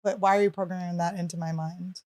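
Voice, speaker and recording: A woman's voice: lowish voice, level tone, fast talker, a little mellow. A woman hosting a podcast, chatting casually and telling stories full of acted-out quotes. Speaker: podcast host. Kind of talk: casual chat.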